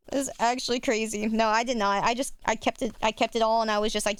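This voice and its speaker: A woman's voice: fairly high pitch, steady tone, racing, hardly any pauses, smooth, no echo. A young woman streaming live, chatting casually with her viewers and swearing freely. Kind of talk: casual chat with chat.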